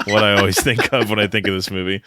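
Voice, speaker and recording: A man's voice: fairly low pitch, steady tone, quick pace, noisy background. A man co-hosting a casual film podcast, wry and swearing as he laughs at the plot. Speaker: podcast co-host.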